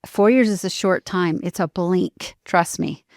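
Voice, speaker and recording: A woman with a lowish voice tells a story as a podcast guest, animated and expressive, slipping into the voices of the people she describes. The sound is close and dry, with no room around it. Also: a little slow, no echo. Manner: animated, acts out dialogue with lively shifts.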